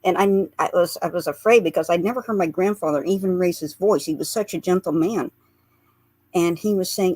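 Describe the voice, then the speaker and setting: A woman with a voice on the low side speaks at normal speed, gravelly and mellow, with no room sound. She's a psychic portrait artist appearing as a guest on a radio interview, earnestly recounting memories as a story and laughing through the lighter parts.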